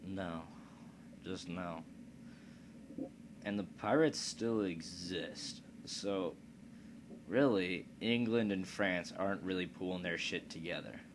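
Low-voiced, unhurried, profane gaming commentator. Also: male voice. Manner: crude, profane, joking asides. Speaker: let's play commentator. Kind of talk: casual gameplay commentary. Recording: steady background noise.

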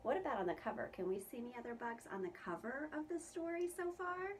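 A woman's voice: on the high side, sing-song, quick pace. A woman preschool teacher reading a picture book aloud to young children, asking them questions about the pictures. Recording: distant mic with faint room noise.

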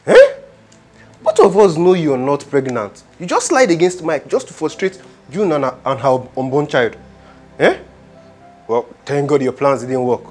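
A stern young man who lectures and refuses to help, his Nigerian accent clear. His pitch moves a lot as he scolds, with faint music underneath. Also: big pitch swings, a little slow, a little mellow. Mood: scolding. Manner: scolding, firm. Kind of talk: Nollywood film acting.

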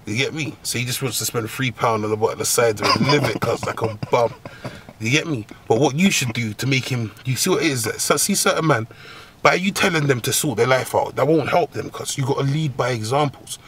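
A man giving comic advice as a host, in a profane, slang-heavy rant full of laughs and sudden high squeals. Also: a little fast, fairly bright tone, slight background noise. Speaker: agony-uncle comedy host.

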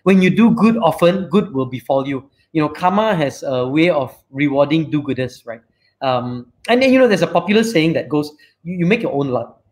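A man with a Malaysian English accent hosts a casual live chat over a video call, his voice sitting a touch high for a man. He rambles through stories, dotting every thought with "right?" and "you know". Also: animated, moderate pace, a little mellow. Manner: rambling, frequent fillers and "right?" tags. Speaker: show host and company CEO.

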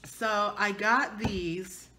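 Woman doing a thrift haul vlog, bright forceful voice, super chatty and animated, bits of aave slang. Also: medium pitch, very slow, slight background noise. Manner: animated, chatty, acts out arguments with her husband in playful voices. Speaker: fashion vlogger. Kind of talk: casual thrift haul chat.

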